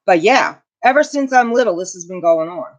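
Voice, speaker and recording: Her medium-pitched voice moves briskly with lively intonation as this middle-aged channel host runs a casual livestream. She recounts a family story, emotional and indignant, and responds to viewers' comments; the home recording is dull and lo-fi.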